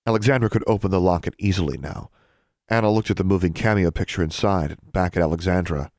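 A man narrating an audiobook in a calm storytelling manner. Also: low-pitched, quick pace, no echo.

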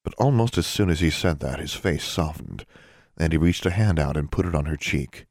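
Deep-voiced man narrating an audiobook. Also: normal speed, no echo. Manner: expressive, varied delivery. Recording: dry close studio sound.

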